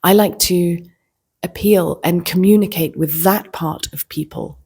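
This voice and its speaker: A woman vlogger telling a personal story in a reflective, casual way, slipping into soft whispers. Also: fairly low pitch, measured pace, slightly rough.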